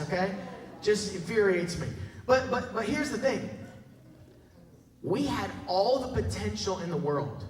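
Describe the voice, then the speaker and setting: A man preaching a sermon, telling a story with jokes and frequent tag questions to the congregation. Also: high-pitched. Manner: animated, jokey, talks to the crowd with tag questions. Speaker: pastor. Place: large church hall. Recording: roomy echo from a distance.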